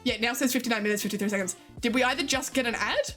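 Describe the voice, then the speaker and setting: A young woman streaming live, chatting in a high, bright-sounding register with big exaggerated emphasis. She swears casually and laughs often, and a little music plays softly behind her. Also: very fast. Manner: exaggerated, expressive delivery.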